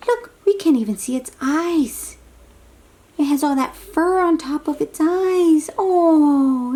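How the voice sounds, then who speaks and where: A woman reading a picture book aloud to toddlers, animated and sing-song and coaxing, sometimes dropping to soft whispers. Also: medium pitch. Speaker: children's book reader.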